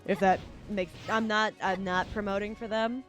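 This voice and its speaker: Young female streamer, mid-pitched, rambling chatter between gameplay moments. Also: fairly even intonation, normal speed, fairly bright tone, soft background music. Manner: rambling, lots of "like" fillers, laughs often. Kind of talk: casual chat while gaming.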